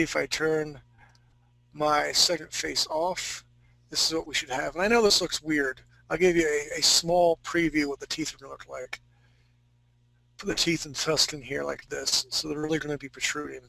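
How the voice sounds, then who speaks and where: A man's voice: fairly high pitch, gravelly, sharp tone, dry recording, poor audio. A man teaching a live fantasy-art drawing class, talking casually and joking with his students. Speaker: art instructor.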